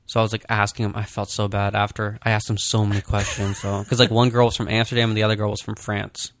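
Male podcast co-host, low and gravelly, loose storytelling delivery, dry sound. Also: level tone, fast, fairly bright tone, no echo. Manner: rambling anecdotes with frequent "like". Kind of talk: casual chat, storytelling.

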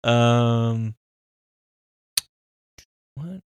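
A man co-hosting a casual podcast, easygoing, laughing often and thinking out loud. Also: mid-range voice, drawn-out words, clean tone, no room sound. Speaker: podcast co-host. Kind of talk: casual chat.

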